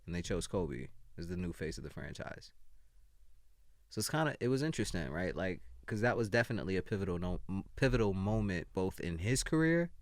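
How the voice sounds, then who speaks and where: A young man with a very low voice that swings widely as he talks, co-hosting a casual podcast. He tells stories animatedly and acts out other people's lines. His voice is recorded close and dry. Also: a little fast, dry recording. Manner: animated storytelling, acts out quotes. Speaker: podcast co-host. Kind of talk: casual chat.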